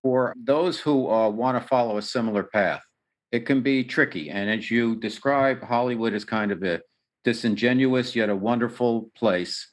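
A man's voice: medium pitch, normal speed. A man hosting an interview, asking long questions that set up each story. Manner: asks long setup questions. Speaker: interview host.

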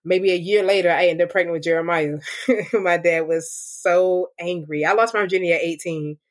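A woman's voice: on the low side, fairly even intonation, normal speed. A young woman giving a candid personal testimony in an interview, reflective and full of "like" and "um". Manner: candid and reflective, with many "like" and "um" fillers. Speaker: interview guest. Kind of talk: personal testimony, casual storytelling.

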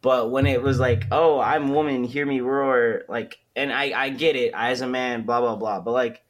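A man's voice: medium pitch, a bit bright. A man in his twenties co-hosting a podcast, ranting in loose, profane slang during a casual chat. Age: 20s. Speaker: podcast co-host.

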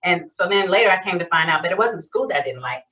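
A middle-aged woman from Detroit, a chiropractor, telling lively stories in a casual interview. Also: on the low side, fast talker. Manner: animated storyteller, acts out quoted voices. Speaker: guest, chiropractor. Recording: distant lo-fi sound.

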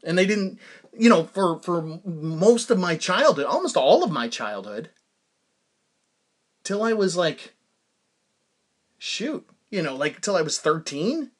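His voice sits high and moves a little slowly, with many pauses. He's a podcast host in his forties, rambling through animated stories on his own, heavy on fillers and laughter.

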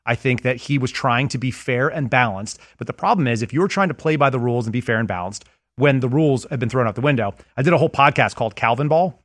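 A man's voice: medium pitch, quick pace, fairly bright tone, dry recording. A man who is a former federal agent, a guest in a casual interview, explaining things with anecdotes and analogies.

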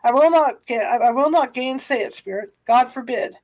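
A woman's voice: high voice, moderate pace, a little mellow, natural voice, poor audio. A woman reading a hesitant old miser. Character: grumpy old miser, now wistful and uneasy.

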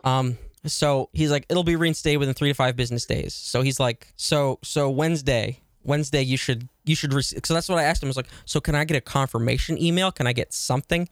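A man's voice: medium pitch, a little fast, few pauses, no echo, clean studio sound. A man co-hosting a podcast, telling a long story in casual chat with lots of fillers, restarts and swearing. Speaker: podcast co-host.

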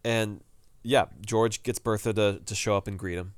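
A low-pitched man chats casually as a podcast co-host, walking through an episode scene by scene. He slips into quick impressions of the characters as he goes. His voice sounds close and dry, with no room around it. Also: clear, resonant tone, no room sound. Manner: animated, retells scenes with quoted lines. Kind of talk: casual TV recap chat.

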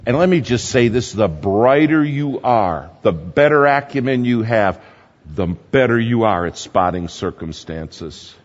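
A man's voice: medium pitch, expressive, unhurried. A man preaching a sermon, telling stories with animation and repeating his numbered points. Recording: dull lo-fi sound with long hall reverb.

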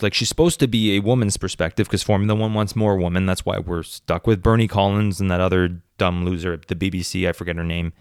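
A man's voice: low-pitched, dry recording, clean studio sound. A man hosting a solo podcast, ranting sarcastically with plenty of swearing. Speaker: podcast host.

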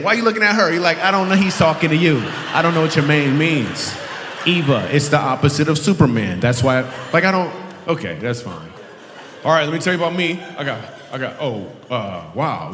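A man with a mid-range voice does playful crowd work, teasing audience members from the stage with a handheld mic at a live show in a large venue. The echoey hall carries audience ambience and plenty of background noise.

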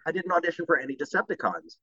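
A man, a voice actor, telling animated and jokey stories in an interview. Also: fairly high pitch, very fast, no room sound, muffled recording. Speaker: voice actor guest. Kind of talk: anecdotal interview talk.

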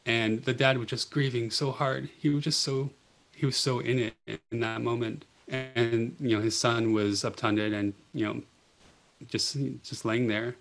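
A middle-aged man, a pediatric oncology nurse, telling stories in an earnest, gentle way with many "you know"s. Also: medium pitch, little pitch movement, a little slow, vocal fry. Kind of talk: reflective storytelling in a podcast interview.

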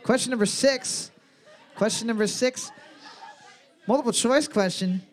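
Guy with a high voice running trivia, crude jokes, rereads the questions. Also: unhurried, a faint crowd. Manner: joking, crude, reads questions twice. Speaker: trivia host. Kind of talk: casual comedic trivia banter.

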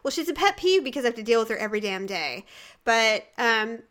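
A woman chatting casually as a podcast co-host, with quick banter and exasperated quoted lines. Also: on the high side, big pitch swings, fairly bright tone. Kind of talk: casual chat.

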